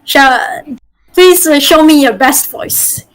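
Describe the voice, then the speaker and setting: Taking it slowly, a woman from Malaysia speaks in a high-pitched, somewhat bright voice on a low-quality recording. Acting as game master, she teaches voice acting to a group over a call in a chatty, encouraging way.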